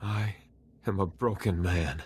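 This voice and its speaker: A self-righteous Jedi knight, with a fairly high voice that leaps around expressively in pitch. He argues in a combative, zealous way. He sounds like a fighter from a video game. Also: expressive, moderate pace, fairly bright tone, slight background noise. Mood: broken.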